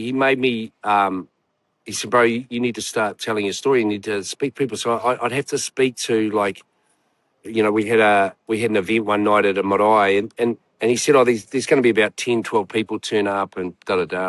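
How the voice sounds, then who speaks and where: A man's voice: fairly low pitch, fairly bright tone, dry recording. Kiwi guy yakking away on a chat show, loose and sweary, lots of um and like, dead dry sound. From New Zealand. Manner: rambling, swearing storyteller full of fillers. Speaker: guest. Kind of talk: casual chat.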